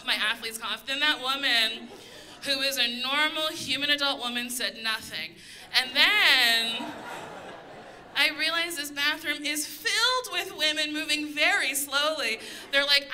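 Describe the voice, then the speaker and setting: High-voiced woman comic, loud animated storyteller, live stage mic with room noise. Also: measured pace, poor audio. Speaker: stand-up comedian. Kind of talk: stand-up comedy set. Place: comedy stage before a live audience.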